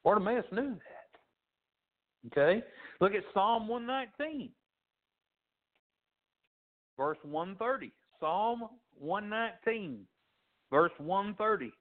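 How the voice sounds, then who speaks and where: A man with a high voice preaches a sermon, rising and falling sharply as he acts out the people in his story. The sound is thin and tinny, as if heard down a phone line. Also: expressive, slow pace, long pauses. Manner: preaching with dramatic pitch swings, acting out quoted voices. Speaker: pastor.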